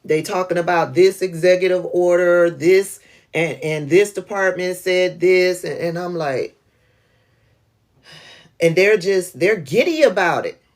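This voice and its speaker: A woman hosts a political livestream in a slow, unhurried way, speaking. She is blunt and profane and laughs often while talking to her viewers by name. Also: lowish voice. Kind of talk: casual livestream commentary.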